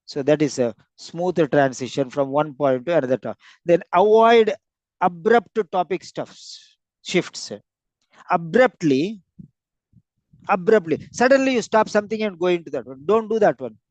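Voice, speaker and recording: A man's voice: high voice, animated, moderate pace, darkish tone, dry recording, lo-fi sound. A man teaching a lesson on word and sentence stress for clinical speaking, stressing and repeating words to show the point. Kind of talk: lecture on clinical speaking skills.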